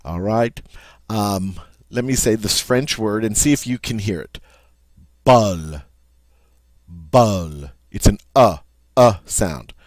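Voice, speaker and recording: A man's voice: fairly low pitch, measured pace, darkish tone, no room sound. A man teaching French pronunciation, patiently modeling each sound and checking in with "all right?" as he goes. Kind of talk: pronunciation lesson.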